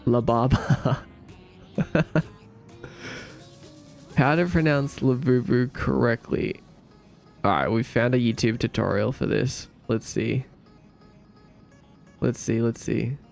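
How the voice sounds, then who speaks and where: A man with a gravelly voice chats casually with his live-stream audience, reading their messages aloud and joking back at them. His voice sits at a middle pitch, and faint music plays in the background. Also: slow pace, long pauses, a little mellow. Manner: joking, reads and answers chat.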